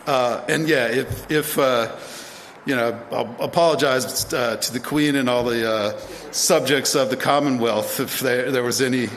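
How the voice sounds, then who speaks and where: A man's voice: mid-range voice, fairly bright tone. A man in his fifties from the United States telling stories in a speech, rambling with many fillers and restarts. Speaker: speaker at induction ceremony. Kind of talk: storytelling speech. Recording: long reverb of a large hall, faint ambient noise.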